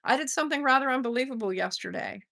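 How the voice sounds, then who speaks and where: A middle-aged woman with a gravelly, fry-edged voice hosts a poetry livestream. She reads poems aloud between chatty asides, greets viewers by name and laughs at herself. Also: high-pitched, animated, fast, pushed and bright.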